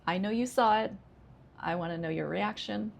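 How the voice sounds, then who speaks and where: Gravelly-voiced American woman teaching intonation. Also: medium pitch, a little hiss or hum. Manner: slow, exaggerated model sentences. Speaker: ESL teacher. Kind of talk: pronunciation lesson.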